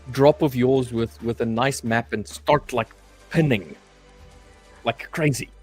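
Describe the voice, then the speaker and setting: South African man, mid-range voice, playful stream co-host who stumbles and repeats words, soft music underneath. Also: mid-range voice, a little slow. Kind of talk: casual banter on a live stream.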